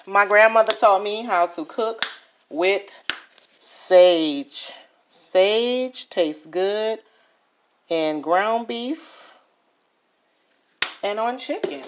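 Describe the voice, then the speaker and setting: A woman's voice: mid-range voice, fairly bright tone. Brief: New woman, home cook, chatty vlog voice, faint noise behind. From New Orleans, USA. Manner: chatty, keeps checking in with the viewer. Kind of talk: casual cooking vlog.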